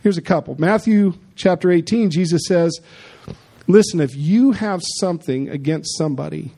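A pastor preaches a sermon in a fairly high voice with a warm, mellow tone. He is emphatic yet conversational, repeating his points and turning to the congregation with quick asides.

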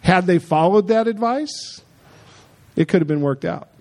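High-voiced, mellow man preaching. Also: animated, measured pace. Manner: emphatic, conversational preaching with repeated asides. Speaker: pastor. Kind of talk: sermon.

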